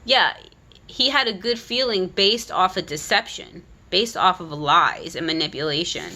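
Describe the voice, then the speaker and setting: Bright-voiced woman, critical and animated. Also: on the low side, a little slow. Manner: animated, critical retelling with frequent restarts. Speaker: content creator. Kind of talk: casual book commentary.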